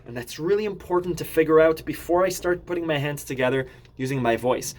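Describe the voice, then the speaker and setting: A man's voice: fairly high pitch, a little fast. Man teaching accordion, melody syllables sung. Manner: calm explaining, singing melody syllables over accordion. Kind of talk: instructional video lesson. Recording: accordion playing behind voice. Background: accordion music.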